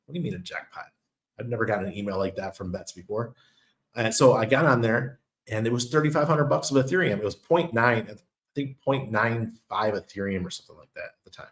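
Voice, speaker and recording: New york guy rambling on his channel, kinda low voice, laughs a lot. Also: fairly quick. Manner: chatty storyteller, laughs often. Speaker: crypto channel host. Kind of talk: casual monologue.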